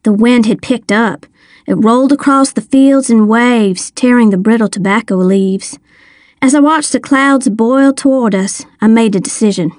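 A woman narrating a first-person story in a measured, expressive audiobook reading. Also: on the high side, dry recording, clean studio sound.

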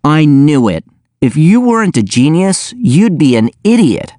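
A man's voice: medium pitch, expressive, unhurried, warm tone, dry recording, studio quality, close to an everyday voice. A man reading aloud, voicing an exasperated teenage schoolboy with an incredulous, scolding tone.

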